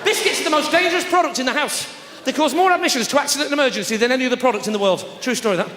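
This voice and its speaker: A man doing live stand-up comedy, teasing the crowd, with loud punchlines. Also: extremely high pitch, racing. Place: large theatre stage with audience. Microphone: stage microphone. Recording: roomy live theatre with audience noise. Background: audience laughter.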